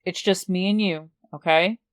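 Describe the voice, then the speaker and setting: A woman reading the lines of a lovestruck teenage boy gently coaxing his girlfriend. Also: fairly low pitch, fairly even intonation, moderate pace, no echo, clean studio sound, natural voice. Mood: coaxing tender. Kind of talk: audiobook character reading.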